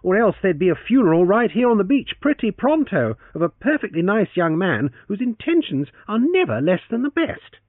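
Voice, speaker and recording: A man's voice: high-pitched, big pitch swings, measured pace, dry recording, pitched above the performer's own voice, exaggerated voice. A man reading an audiobook and voicing a teasing, confident young man, over a tinny line. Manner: teasing, playful. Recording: tinny phone-like, dry.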